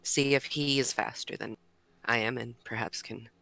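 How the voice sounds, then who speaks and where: A woman's voice: a bass voice, fairly even intonation, normal speed, gravelly, bright, forceful tone. A woman playing a tabletop role-playing game, describing her character's actions and thinking aloud. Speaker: player. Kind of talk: casual chat.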